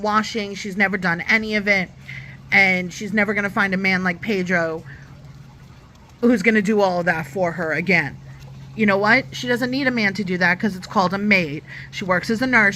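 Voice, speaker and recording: A woman talks straight to her viewers in a casual, opinionated reality-TV review. Her voice is bright and forceful, and her delivery is animated whenever she acts out other people's lines. Faint noise sits behind her. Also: medium pitch. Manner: chatty and opinionated, acts out quotes. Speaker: YouTube reviewer.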